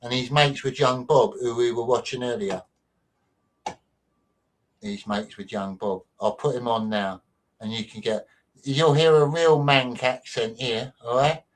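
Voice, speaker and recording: A man hosts a show in an easy, mid-pitched voice, his Mancunian accent worn down by years in London. He rambles, repeats phrases and drops chatty asides to his audience. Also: steady tone, measured pace. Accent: mild Mancunian, softened by London. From near Manchester, England. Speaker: show host. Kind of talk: casual chat.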